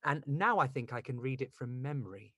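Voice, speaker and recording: A man hosting a podcast, chatting with a guest in an animated, gushing, theatrical way. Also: medium pitch, brisk, husky, dry recording, clean studio sound. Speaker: podcast host. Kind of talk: casual interview chat.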